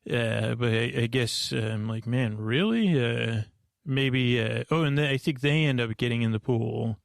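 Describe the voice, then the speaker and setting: Flat, gravelly man rambling at bedtime. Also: mid-range voice, normal speed, no echo, clean studio sound. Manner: meandering, full of fillers and restarts. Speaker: host. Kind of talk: rambling bedtime movie recap.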